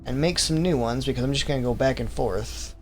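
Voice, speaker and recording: A man's voice: mid-range voice, brisk, a little mellow, faint music behind. A man streaming a game, thinking aloud, rambling and correcting himself, teasingly calling his viewers his vamplings while he puts on an accent. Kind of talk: casual gaming commentary.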